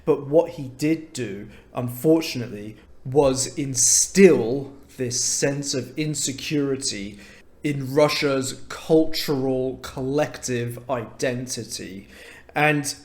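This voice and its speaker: A man's voice: mid-range voice, slow pace, a little mellow. A young man from London with a London English accent, hosting an English lesson and giving his opinion in an enthusiastic, emphatic way. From London, England. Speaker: English teacher, channel host. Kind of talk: casual opinion talk to camera.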